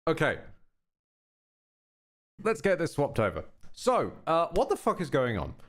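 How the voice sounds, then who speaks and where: Lively, wry man streaming. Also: fairly high pitch, a little slow. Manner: chatty, wry, self-mocking, thanks chat. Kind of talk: casual live-stream chat.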